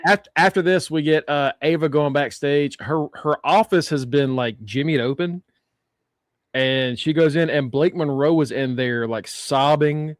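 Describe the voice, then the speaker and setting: A man's voice: a little high, measured pace, dry recording. A man co-hosting a casual wrestling podcast, telling the story with laughs and acted-out quotes. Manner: animated storyteller, laughs often, acts out quotes. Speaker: podcast co-host. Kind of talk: casual wrestling recap chat.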